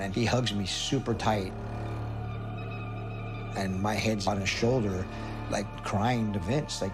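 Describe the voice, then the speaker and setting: A man's voice: fairly low pitch, moderate pace, music in the background. A man in an interview recounting events, acting out the dialogue as he tells it. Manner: acts out quoted dialogue.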